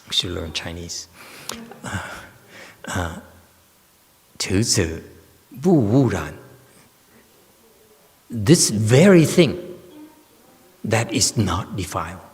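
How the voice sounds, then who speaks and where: A man, a Buddhist monk giving a slow, joking dharma lecture with many fillers and teasing asides. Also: fairly low pitch, big pitch swings, darkish tone. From United States. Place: temple lecture hall. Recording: long hall reverb.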